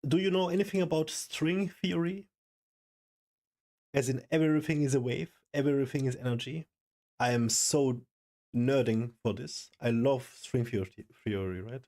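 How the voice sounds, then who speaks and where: A young man streaming live, overwhelmed and excited, talking in loose slang and swearing. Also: mid-range voice, normal speed. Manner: excited, stunned, swearing, calls everyone bro. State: overwhelmed, shaking. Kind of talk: live stream reaction chat.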